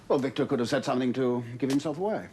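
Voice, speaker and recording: Actor playing a world-weary veteran writer. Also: male voice, medium pitch, darkish tone, slight background noise, lightly acted. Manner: measured, world-weary, philosophical. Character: middle-aged Yorkshire writer, war veteran, cynical. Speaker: host sheltering a stranger.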